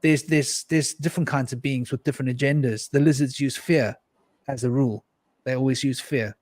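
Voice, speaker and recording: This man's mid-range voice is darkish, fairly even in intonation and moderately paced, with no room sound. Speaking on a discussion panel, he recounts a mystical experience of his own with earnest intensity, often restarting and repeating words.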